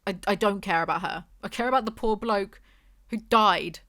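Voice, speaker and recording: A woman's voice: mid-range voice, normal speed, fairly bright tone, dry recording, studio quality. A young woman reviewing a book with snarky, exasperated, mocking commentary.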